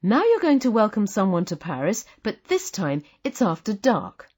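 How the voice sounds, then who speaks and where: A woman's voice: mid-range voice, wildly swooping pitch, normal speed, a little mellow, husky. A woman narrating a language course in a patient, encouraging teacher's tone, reading scripted instructions.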